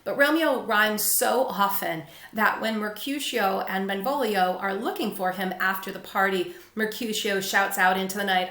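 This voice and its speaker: A woman teaching a literature lesson, explaining patiently and clearly. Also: medium pitch, moderate pace, few pauses, a bit bright, echoey room. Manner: clear, patient explaining, with brief read-aloud quotes.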